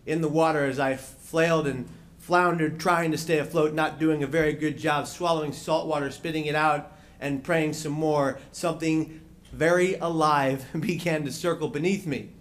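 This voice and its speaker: A man giving a speech as a panel speaker, telling a personal story with dramatic, slowed phrasing and touches of wry humor. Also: fairly high pitch, fairly even intonation.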